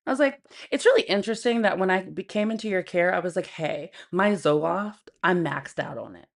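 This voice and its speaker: Gravelly, blunt woman streamer. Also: on the low side, animated, brisk. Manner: blunt and profane, laughing often, talking to viewers and her pet. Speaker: livestream host. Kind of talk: casual livestream chat.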